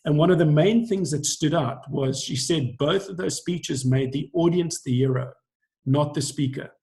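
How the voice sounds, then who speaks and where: A middle-aged man with a fairly high voice coaches a group over a video call. He explains in an earnest, teacherly way. He often slips into short acted-out lines to make his point. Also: darkish tone. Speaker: acting coach.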